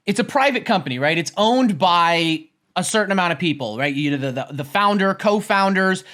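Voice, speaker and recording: A stock trading streamer with a high, somewhat bright voice speaks a little fast with lively intonation. His finance explanations wander and repeat, often capped with "right?", and he sprinkles in joking, profane remarks.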